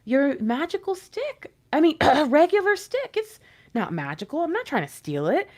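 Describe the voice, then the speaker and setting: Sneaky sweet-talking snake in a storytelling aside, put on by a woman, pitched high. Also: sing-song, normal speed. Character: sly snake pretending to be a bird.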